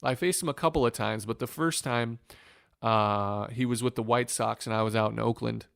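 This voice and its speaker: A man from Northwest Ohio, a former pitcher, telling an earnest story in an interview with many restarts. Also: steady tone, moderate pace, creaky, a bit bright, clear, resonant tone, dry recording, clean studio sound. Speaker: former pro pitcher, podcast guest.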